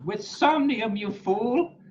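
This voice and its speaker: A man voicing a proud, stubborn little kobold in a squeaky, sing-song high voice. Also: animated, takes it slowly, breathy edge, highs cut off, full character voice. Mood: scolding. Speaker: game master.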